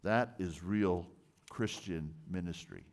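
A man's voice: sits low, slow, a little mellow. A man preaching a sermon in an earnest, emphatic way, often repeating and restarting words. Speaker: pastor.

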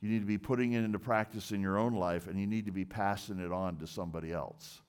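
A man's voice: fairly low pitch, steady tone, fast, clear, resonant tone. A man preaching a sermon in an earnest, emphatic way, often repeating and restarting words. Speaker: pastor.

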